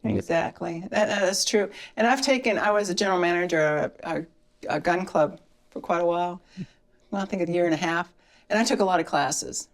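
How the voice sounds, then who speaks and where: A woman's voice: lowish voice, brisk. Earnest woman telling her story. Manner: earnest, storytelling, emotional at times. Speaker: guest, firearms instructor. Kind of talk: casual podcast chat.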